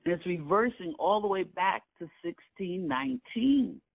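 A man's voice: high-pitched, expressive, moderate pace, vocal fry, no room sound. An older man from Brooklyn, recalling his family's past in an interview, earnest and emphatic, repeating key phrases. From Brooklyn, New York. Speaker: oral history interviewee. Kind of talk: personal recollection in an interview. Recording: dry, tinny phone-like line.

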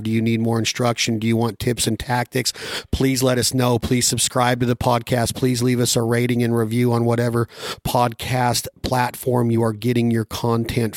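A man's voice: medium pitch, no room sound, studio quality. A man hosting a casual podcast interview from a hunting camp, firing off upbeat questions. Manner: upbeat, rapid-fire questions. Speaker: podcast host.

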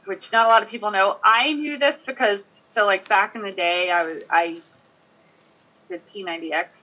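A woman on a convention panel chatting quickly and casually, telling an anecdote. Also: medium pitch, sharp tone. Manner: chatty, quick, with frequent laughs. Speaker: convention guest. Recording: dull lo-fi sound.

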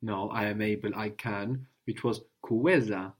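A man's voice: fairly low pitch, steady tone, moderate pace, husky. A man teaching a language lesson patiently, often checking in with a questioning "no?".

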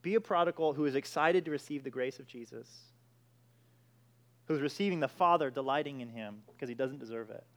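A man's voice: mid-range voice, a little fast. A man preaching a sermon, emphatic, with frequent restarts and repeated "all right".

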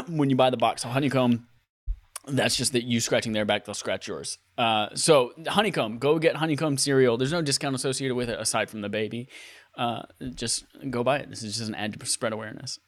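A man co-hosting a comedy podcast, doing silly mock ad reads and breaking into high-pitched laughter. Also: a little fast, no echo, clean studio sound. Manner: goofy, bursts into laughter and high squeals. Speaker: podcast co-host.

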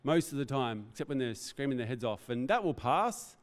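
A man's voice: medium pitch, animated, a little fast, big-room sound. A man preaching a Christmas sermon in an earnest, reflective way, often stepping off his notes. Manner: earnest, reflective, speaks off the cuff. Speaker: pastor.

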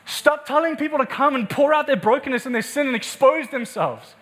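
A man's voice: extremely high pitch, fairly quick, a bit bright. A male pastor preaching an impassioned, emphatic sermon in a church meeting room, repeating words for force.

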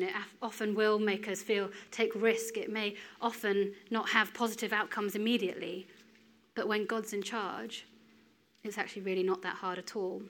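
A woman in her thirties giving a sermon in a conversational, storytelling way with lively asides. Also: medium pitch. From United Kingdom. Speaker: preacher.

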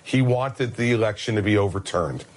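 A man answers an interviewer's question. He is blunt and forceful, and his voice sits low. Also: normal speed, a little hiss or hum. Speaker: former governor, TV interviewee.

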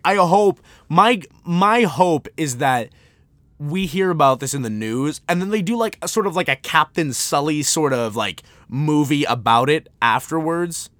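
A man's voice: fairly high pitch, a bit bright, dry recording. A young man hosting a solo podcast, talking casually in a rambling, jokey way with lots of fillers. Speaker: podcast host.

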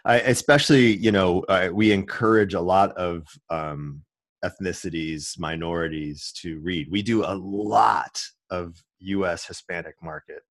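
A man who works as a commercial producer and voice-over artist, explaining his work in a relaxed, casual interview. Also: sits low, a little slow, no room sound. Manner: relaxed, explanatory, many restarts.

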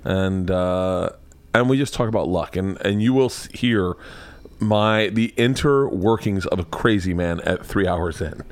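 A man's voice: low-pitched, measured pace. A man hosting his podcast, rambling in casual chat and often restarting his sentences. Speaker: podcast host.

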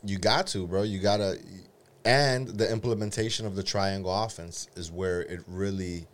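Profane, animated man telling stories. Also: low-pitched, normal speed. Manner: profane, animated storytelling with loud acted-out rants. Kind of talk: casual chat.

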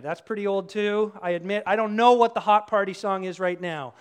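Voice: medium pitch, moderate pace, clean tone. Conversational preacher acting out voices. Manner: conversational, acts out quotes in voices. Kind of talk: sermon. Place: church service.

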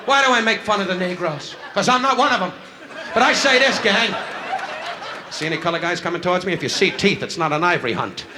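A man's voice: high-pitched, lively intonation, quick pace, a crowd in the background. Brash man doing insult comedy live. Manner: brash, heckles audience members. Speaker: stand-up comedian. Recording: noisy 1960s live club recording. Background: audience laughter.

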